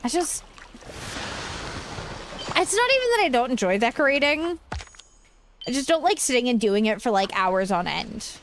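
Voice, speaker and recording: A woman's voice: on the high side, big pitch swings, normal speed, pauses often, slight background noise. A young woman streaming a game in casual, rambling chat, tired and swearing now and then. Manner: rambling, frustrated, drops swear words. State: tired, yawning.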